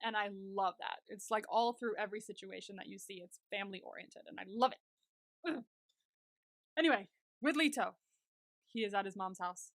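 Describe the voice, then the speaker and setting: A woman's voice: medium pitch, normal speed, pauses often, a bit bright, no room sound, studio quality. A young woman co-hosting a podcast, chatting casually and gushingly while recapping a TV episode, saying "like" a lot. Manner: gushing, chatty, heavy use of "like". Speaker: podcast co-host.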